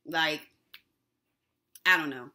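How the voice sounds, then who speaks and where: A woman hosting a casual TV episode recap, animated and slangy, who laughs often. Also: low-pitched, slow. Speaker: TV recap host.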